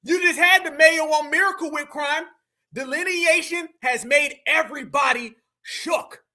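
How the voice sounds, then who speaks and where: High, bright-voiced mocking male streamer. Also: a little slow. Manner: mocking, slangy, talks to chat. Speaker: livestream political commentator. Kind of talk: live-stream commentary.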